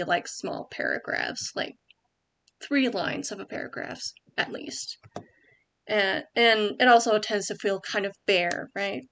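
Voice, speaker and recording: A woman's voice: medium pitch, fairly bright tone. Rambling young woman giving writing tips. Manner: rambling, many ums and likes, self-correcting. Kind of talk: casual screen-share tutorial.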